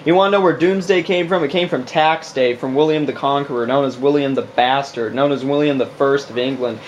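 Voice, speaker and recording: A young American man in casual chat, ranting loudly and swearing often. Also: medium pitch, fairly quick, dull audio, slight background noise. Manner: ranting, profane, fired up.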